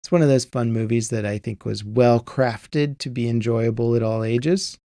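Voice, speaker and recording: A man in his thirties hosts a casual gaming podcast, drifting through nostalgic stories with plenty of ums and restarts. His voice sits at an ordinary middle pitch. The close mic leaves no room sound. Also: normal speed, no room sound. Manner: relaxed, rambling, nostalgic storytelling with many fillers. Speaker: podcast host. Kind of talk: casual chat.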